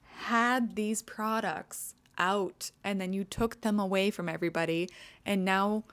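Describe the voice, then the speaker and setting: A woman's voice: mid-range voice, fairly even intonation, a little slow, fairly bright tone, smooth, no room sound. A young adult woman reviewing makeup in a casual vlog, ranting with exasperated sarcasm and dramatic emphasis. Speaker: beauty vlogger.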